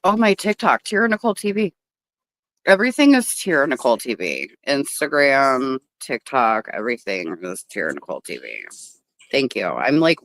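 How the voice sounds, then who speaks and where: A woman's voice: a bass voice, sing-song, normal speed, fairly bright tone, no room sound. A woman hosting a casual livestream outdoors at a table, chatty and blunt and swearing freely. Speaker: livestream host.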